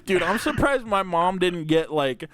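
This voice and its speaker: A man's voice: high voice, big pitch swings, measured pace, fairly bright tone, no echo. Crude, laid-back young man telling stories. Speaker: podcast host. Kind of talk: casual storytelling chat.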